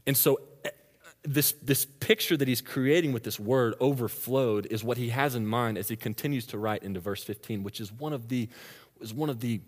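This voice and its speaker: A man preaching a sermon, telling a story with lively energy and laughing as he goes. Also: medium pitch, moderate pace. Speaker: pastor. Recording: long reverb of a large hall.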